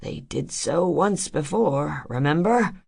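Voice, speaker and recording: A woman's voice: low-pitched, lively intonation, slow pace, creaky, darkish tone, breathy edge, heavily acted. A woman voicing an ancient, bent male Druin elder who snarls with scorn, in a storybook reading. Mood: bitter.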